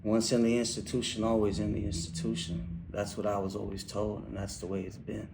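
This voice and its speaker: Low flat-voiced man. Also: gravelly, noisy background. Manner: halting, restarts, quotes his past talks in a quieter voice. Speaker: interviewee, incarcerated man. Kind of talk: candid personal testimony.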